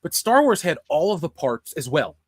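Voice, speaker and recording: A young man co-hosting a casual film review chat, excitable and rambling, swearing freely. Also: on the high side, normal speed, breathy edge, no echo, studio quality. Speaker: podcast co-host.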